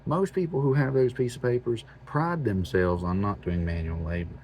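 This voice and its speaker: This homestead channel host has a medium-pitched, steady, somewhat dark voice and a moderate pace, with slight background noise. Ranting to camera, he sounds blunt and exasperated, repeating phrases to drive his points home.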